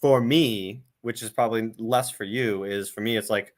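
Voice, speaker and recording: A man hosting an interview, with a booming, animated way of talking. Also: normal speed. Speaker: host. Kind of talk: casual conversation.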